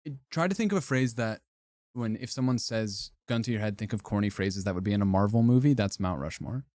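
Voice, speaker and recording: A young male streamer with a lowish voice, talking in a wry, offhand way while he ranks things for his chat. He swears and laughs freely, and the sound is close and dry with no room around it. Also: animated, fairly quick, darkish tone, no room sound. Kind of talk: casual livestream commentary ranking phrases.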